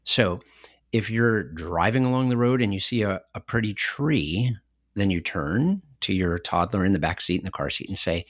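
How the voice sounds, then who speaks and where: A middle-aged man co-hosting a podcast, telling stories in an animated way and laughing often. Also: fairly low pitch, normal speed, no echo, studio quality. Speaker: podcast co-host. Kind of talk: conversational podcast discussion.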